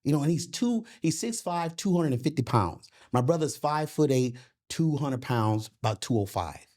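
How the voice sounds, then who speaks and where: At a moderate pace and a slightly high pitch, a middle-aged man who trains fighters in boxing and MMA swaps stories during an informal interview. He's lively and foul-mouthed, often tossing in "you know what I'm saying."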